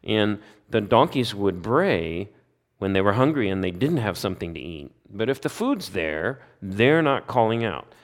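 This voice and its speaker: A man's voice: on the low side, sing-song, a little slow. A man teaching a Bible study, explaining scripture in plain words and often paraphrasing it in the first person with rhetorical questions.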